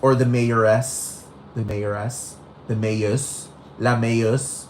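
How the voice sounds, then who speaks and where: A man's voice: mid-range voice, level tone, slow, a little mellow, a little hiss or hum, close to an everyday voice. A man performing a brash, gossipy young woman who goes on a rambling, profane rant in a comedic character monologue. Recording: roomy echo.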